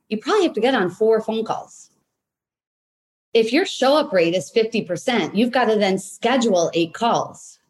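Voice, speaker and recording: A woman in her thirties, a business coach, leads a live online workshop in a casual, energetic way, often checking in with "right?". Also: medium pitch. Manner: energetic, repeats points with "right?"; casual, occasional swearing.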